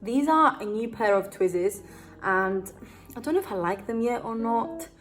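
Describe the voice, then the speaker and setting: A woman's voice: on the high side, animated, normal speed, faint music behind. A young woman chatting casually through a beauty tutorial at home, rambling with lots of fillers and joking about herself. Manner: rambling, full of "like" and "kinda" fillers; giggly, self-joking. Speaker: beauty vlogger.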